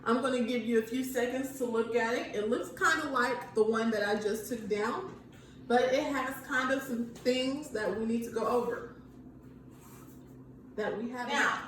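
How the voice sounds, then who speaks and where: A woman's voice: fairly high pitch, normal speed, distant mic, slight background noise. A woman teaching a grammar lesson to young children, explaining each point patiently and checking in with "okay" after each one. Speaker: elementary school teacher. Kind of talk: recorded remote grammar lesson. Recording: echoey room, voice from off the mic.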